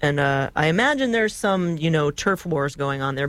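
A woman's voice: low voice, expressive, normal speed, hardly any pauses, no echo. A woman co-hosting a radio music show, chatting casually with many fillers and frequent laughs.

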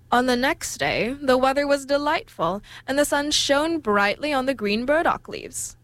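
A woman reading a storybook aloud in a measured, expressive way. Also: high-pitched, no room sound.

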